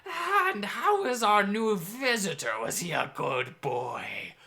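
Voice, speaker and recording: Man doing a high-pitched slow sea hag, wheedling, scheming, tabletop game villain. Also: very animated, bright, forceful tone, exaggerated voice. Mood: mocking.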